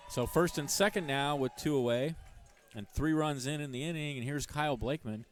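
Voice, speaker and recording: A man calling a baseball game play-by-play, calm between pitches and loud and excited on hits. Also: fairly quick. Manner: calm, rising sharply on big plays. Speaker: play-by-play announcer.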